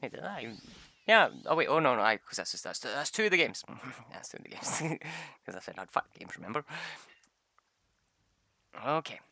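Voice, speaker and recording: Young man, casual rambling storyteller, gravelly and lively, dry close sound. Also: mid-range voice, moderate pace, long pauses, no room sound. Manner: rambling, swearing, laughing often. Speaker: gamer telling tabletop game stories. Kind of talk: casual chat.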